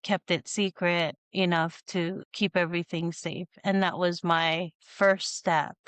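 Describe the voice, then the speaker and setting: Woman podcast host, smooth clear lowish voice, chatty animated storytelling, lots of "you know". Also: slow, no room sound. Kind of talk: casual conversational storytelling.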